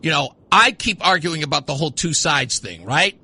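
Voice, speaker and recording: A man's voice: a little high, lively intonation, normal speed, creaky, pushed and bright, breathy edge. A man hosting a call-in radio talk show, arguing insistently with a caller and repeating his points. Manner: insistent, argumentative, repeats himself. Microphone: studio mic.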